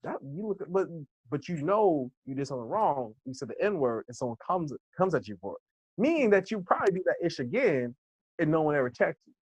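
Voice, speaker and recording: A young American man from Los Angeles, a guest in a casual interview, telling stories with lively acted-out quotes and frequent laughs. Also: a little high, brisk, slightly rough, no room sound, lo-fi sound. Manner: animated storyteller who acts out quoted voices, laughs often. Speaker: interview guest, hip hop instructor.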